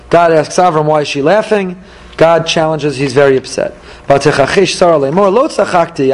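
A man teaching a Torah class, animated, asking questions and answering them himself. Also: on the high side, a little fast, poor audio.

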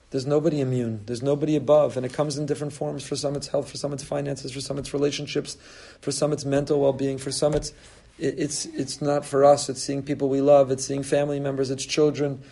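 A man's voice: medium pitch, little pitch movement, brisk, creaky, dark tone. A man preaching as a rabbi, earnest and building his points with repeated rhetorical phrases. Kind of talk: sermon.

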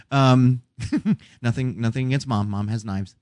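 A man's voice: mid-range voice, measured pace, darkish tone, no room sound, clean studio sound. A middle-aged man in casual chat, telling stories in an emotional, self-deprecating way.

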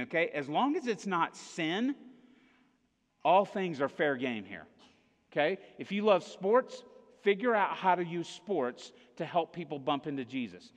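An American man preaching a casual sermon, joking with the congregation and often checking in with "okay?" and "right?". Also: on the high side. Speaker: pastor. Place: church auditorium. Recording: echoey hall reverb.

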